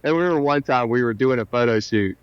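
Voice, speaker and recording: A man's voice: medium pitch, fast, clear, resonant tone, no echo. Man telling stories in a muffled recording. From South Carolina, US. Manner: animated anecdotes with self-deprecating humor. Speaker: musician guest. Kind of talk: casual interview storytelling. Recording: dull, slightly lo-fi sound.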